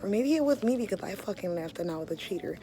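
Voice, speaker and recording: A young woman from the Los area, an artist telling her own story in blunt, profane words, loud one moment and hushed the next. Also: mid-range voice, animated, fast, a little hiss or hum. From Los Angeles area. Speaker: street artist. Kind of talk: candid personal storytelling.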